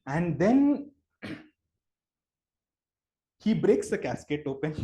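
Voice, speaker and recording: A man tells a personal story at an online devotional session. He talks earnestly, with many fillers and pauses, and his voice rises with feeling at the story's high points. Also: sing-song, mellow. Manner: earnest storytelling with many fillers, rising emotion at key moments. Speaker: devotional speaker. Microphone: online call microphone.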